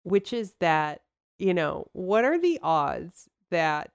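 A woman's voice: fairly low pitch, sing-song, slow, gravelly, clear, resonant tone, no echo. A woman co-hosting a podcast in casual chat, bubbly and rambling, laughing often as she talks. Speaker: podcast co-host.

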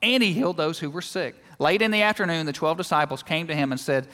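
A male guest preacher giving a sermon in a church, telling lively, joking stories and acting out everyday scenes. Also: a little high, quick pace, in a large hall. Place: church sanctuary.

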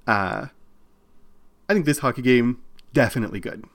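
A man co-hosting a casual podcast, arguing his views in quick bursts with frequent restarts. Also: medium pitch, expressive. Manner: opinionated, talks in bursts with restarts. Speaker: podcast co-host.

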